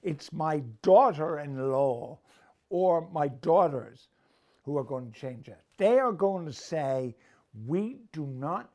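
Emphatic older man, gravelly. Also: a little high, a little mellow. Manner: emphatic, rhetorical, opinionated. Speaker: rugby pundit. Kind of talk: casual sports discussion.

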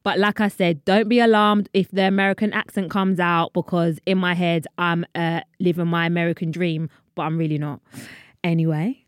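With a fairly low pitch, steady tone, and moderate pace, a woman in her 30s from London, England, hosts her own podcast. She rambles chattily through the solo chat and laughs at her own asides, recorded at studio quality with no echo.

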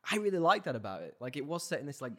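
A man's voice: a little high, sing-song, rapid-fire, sharp tone. A man co-hosting a podcast in casual chat, wry and teasing as he moves the talk from topic to topic. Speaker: podcast co-host.

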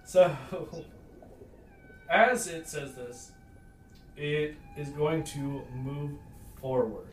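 A man's voice: on the high side, extremely slow, pauses often. A man narrating a tabletop role-playing game as game master, rambling loosely and laughing often. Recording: roomy, distant mic, faint noise.

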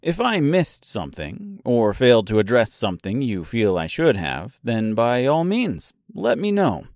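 A man hosts a solo podcast about his own book, talking to listeners in a chatty, pun-loving way. His pitch moves around a lot, and he speaks slowly. The sound is dry and close, with no room echo. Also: huge pitch swings, darkish tone. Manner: playful, fond of puns and dad jokes; chatty, addresses listeners directly. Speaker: podcast host and author.

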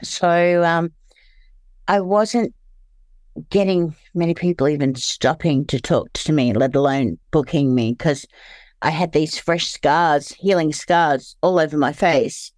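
An Australian woman telling her story candidly as an interview guest, halting and searching for words, often restarting. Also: low voice, a little mellow, no room sound.

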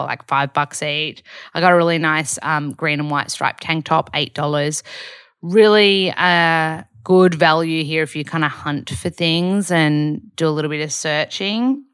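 Australian woman, young adult, podcast host, upbeat rambling chat, low pitch, dry close sound. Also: fairly bright tone, clear, resonant tone, no echo. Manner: chatty, upbeat, rambling with fillers. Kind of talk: casual solo podcast update.

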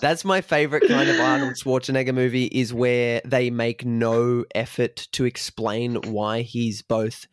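A man co-hosting a movie podcast in casual chat, animated and slipping into quick voices as he tells stories. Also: medium pitch, no echo, studio quality. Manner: animated, mimics voices mid-story. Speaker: podcast co-host.

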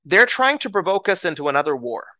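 A frightened king coming apart over a threat of war, put on by a man telling the story. The voice jumps up in pitch and races, stacking anxious questions with no answers. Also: sing-song, quick pace, bright, forceful tone, dry recording, dull audio, exaggerated voice. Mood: panicked. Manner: frantic, anguished. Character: panicking male king fearing war.

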